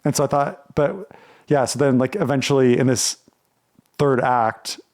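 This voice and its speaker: A man's voice: medium pitch, unhurried, darkish tone. A man co-hosting a casual podcast chat, rambling and full of "like" and restarts. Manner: rambling, heavy use of "like", frequent restarts. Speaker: podcast co-host.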